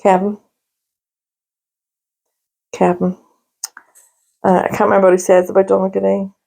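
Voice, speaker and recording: Woman, podcast co-host, casual gossipy chat, gravelly creaky voice, mid pitch. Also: completely flat delivery, measured pace, mellow. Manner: chatty and gossipy, with frequent laughing asides.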